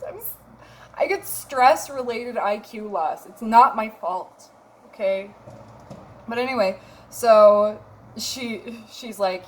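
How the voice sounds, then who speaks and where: A woman in her thirties from Minnesota recounts a mishap in a loose, casual vlog. She is wry and self-mocking and swears without a second thought. Her voice sits at a middle pitch over a faint hiss of background noise. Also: normal speed. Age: 30s. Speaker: vlogger.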